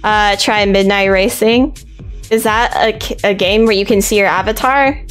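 A woman live-streaming a game, talking in an excited, playful and repetitive way to her chat. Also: medium pitch, moderate pace, faint music behind.

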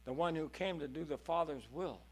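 A man preaching a sermon in a church, impassioned, moving between hushed and loud passages. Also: a little high, a little fast.

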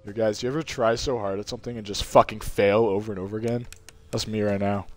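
A young man streaming a horror game, swearing and screaming in panic as he goes hoarse from yelling. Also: fairly low pitch, fairly even intonation, fast talker, faint music behind. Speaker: gaming streamer. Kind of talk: horror game playthrough commentary.

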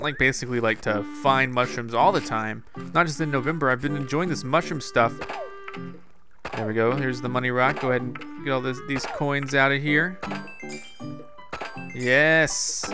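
Chatty man narrating his gameplay. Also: medium pitch. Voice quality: chatty, thinks aloud and addresses viewers as "guys". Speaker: gaming video host. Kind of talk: casual gameplay commentary.

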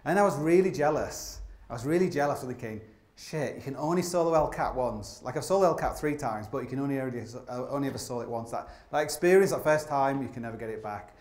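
A man's voice: medium pitch, fast, hardly any pauses, a little mellow. A man telling rambling, self-mocking climbing stories in a live stage talk, full of "like" and restarts. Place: opera house stage. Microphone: stage microphone. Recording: roomy theatre sound.

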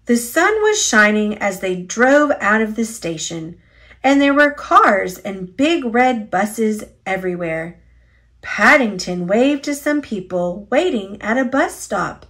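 A woman reading a children's picture book aloud in a slow, expressive storytelling voice. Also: fairly high pitch. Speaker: storybook reader. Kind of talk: children's read-aloud narration.

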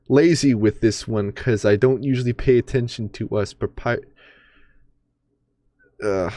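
A man's voice: on the low side, darkish tone, no echo, studio quality. A young man doing a comedic dramatic reading, often laughing and breaking off to react while playing a game. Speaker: YouTuber reading fan fiction while gaming.

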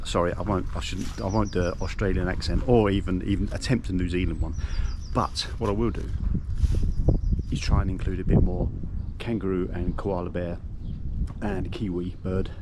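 Rambling male caravan vlogger, lowish voice, noisy outdoor ambience. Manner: rambling, self-deprecating, chatty. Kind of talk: casual vlog chat. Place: outdoors at a campsite in cold weather.

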